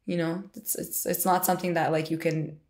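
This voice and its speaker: A woman's voice: fairly low pitch, level tone, a little fast, darkish tone. A woman in her twenties telling a personal story in a frank, rambling, conversational way. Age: 20s. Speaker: interviewee sharing a personal story.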